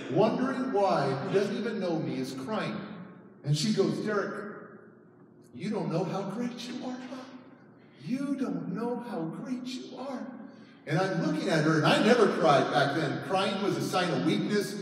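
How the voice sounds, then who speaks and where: A man's voice: sits high, far from the mic, slight background noise. Man telling his story in an echoey hall. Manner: dramatic storyteller, acting out quotes, shouting at peaks. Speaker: motivational speaker. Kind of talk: storytelling keynote talk. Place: large conference hall. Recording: echoey hall, mic heard from afar.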